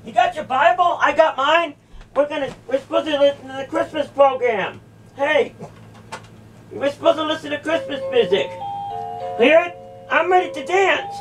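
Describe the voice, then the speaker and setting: A woman's voice: high voice, normal speed, soft background music. A woman in a heated confrontation in a church, incredulous and repeating her questions again and again. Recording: voice distant from the mic.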